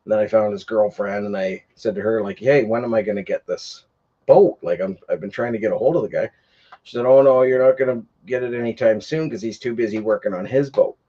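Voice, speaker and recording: A male livestream host tells a long, rambling story on a casual stream, packed with fillers and restarts, and he gets heated as he retells it. His voice is on the low side, brisk and dark in tone, with the highs cut off.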